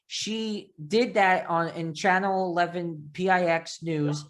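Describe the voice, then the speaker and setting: A man with a thick Long Island New York accent hosting a casual interview, telling stories in a rambling, animated way. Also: high-pitched, slow pace. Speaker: podcast host.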